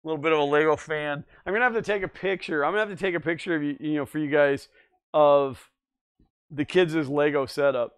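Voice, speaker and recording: A man's voice: fairly high pitch, brisk, clear, resonant tone. A man hosting a livestream, chatting casually and reading viewer comments aloud, easygoing and often laughing. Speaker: livestream host.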